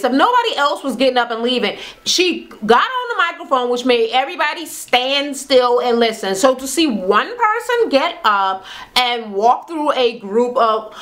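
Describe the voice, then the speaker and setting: A woman giving a casual reality TV recap, blunt and profane, with slangy, animated commentary. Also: fairly high pitch. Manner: animated retelling, acts out quotes; slangy, conversational.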